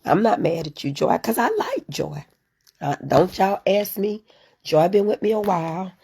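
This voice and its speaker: A woman from the United States hosts a casual live stream, chatting straight to her viewers and reading and answering their comments. Her mid-range voice is sing-song, dark, and husky with vocal fry, at normal speed.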